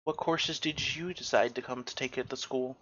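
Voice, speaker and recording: A man voicing an unsettling young woman who is polite but quietly menacing, in a tabletop role-play, on a dull lo-fi recording. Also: medium pitch, steady tone, moderate pace, a little hiss or hum, natural voice. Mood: politely curious. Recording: dull lo-fi sound.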